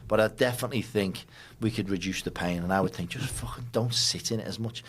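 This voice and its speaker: A man's voice: lowish voice, quick pace, breathy edge. A man hosting a podcast in casual conversation, blunt and emphatic, swearing freely. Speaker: podcast host.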